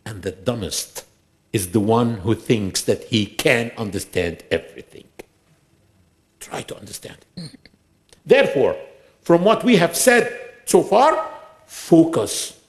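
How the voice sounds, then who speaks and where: A man preaching a sermon in a mosque, emphatic, posing rhetorical questions and reciting scripture in quick bursts. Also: mid-range voice.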